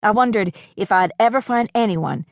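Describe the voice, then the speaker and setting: A woman's voice: medium pitch, lively intonation, normal speed, creaky, dry recording. A woman audiobook narrator reading a first-person novel in a reflective storytelling manner, recorded in a studio.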